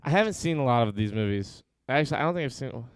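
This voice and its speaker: A man's voice: medium pitch, lively intonation, fast talker, clean tone, no room sound. A man co-hosting a casual podcast, reading film synopses aloud with dry, sarcastic asides between them. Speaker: podcast co-host.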